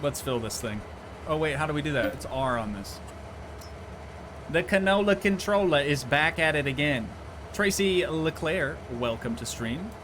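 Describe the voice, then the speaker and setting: A man's voice: a little high, lively intonation, normal speed, background noise. A man streaming a game live, chatting casually, joking and answering his chat as he plays.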